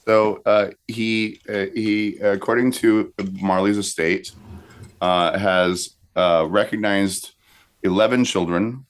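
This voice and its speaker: A man co-hosting a podcast, halting and hesitant, reading out facts in casual comedy banter. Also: on the low side, steady tone, smooth. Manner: hesitant, many uh fillers. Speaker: podcast co-host.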